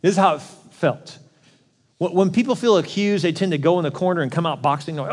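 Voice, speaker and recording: Middle-aged male pastor, conversational sermon, higher register, long hall reverb. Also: fast talker. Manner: conversational, acts out quoted voices.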